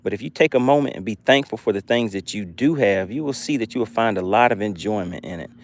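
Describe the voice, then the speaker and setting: A man's voice: lowish voice, fast, no echo. A man hosting a fishing live stream from a boat outdoors, chatting and thanking his viewers.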